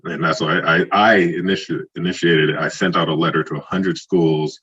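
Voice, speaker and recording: A man in his forties from Trinidad, telling stories in a casual podcast interview, animated and acting out quoted dialogue. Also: low voice, a little fast, breathy edge, muffled recording. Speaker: guest, former football player.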